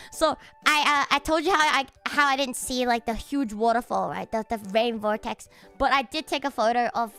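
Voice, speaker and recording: A woman streamer chatting casually on a livestream, excitable and swearing freely, often breaking into laughter. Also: high voice.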